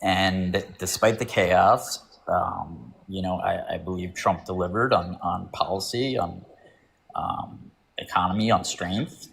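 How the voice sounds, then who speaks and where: A man's voice: low voice, slow, vocal fry, a bit bright, husky. A man calling into a live stream debate, making his case hesitantly with many fillers. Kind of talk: casual argument.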